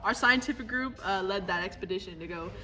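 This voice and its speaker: A woman's voice: mid-range voice, bright, forceful tone, natural voice. A girl playing a flustered vice president. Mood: nervous. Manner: halting, full of ums, giggling through lines. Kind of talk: student mock news role-play. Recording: far from mic with crowd behind.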